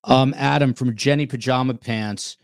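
A man's voice: mid-range voice, steady tone, normal speed, clear, resonant tone, no room sound. A man with a New Jersey accent hosting a podcast, reading viewer questions aloud with lots of fillers. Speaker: podcast host.

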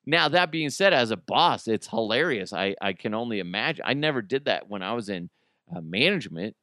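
A man's voice: on the low side, expressive, brisk, sharp tone, dry recording, studio quality. A man hosting his own podcast in a casual solo style, reading news items aloud and joking about them. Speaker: podcast host.

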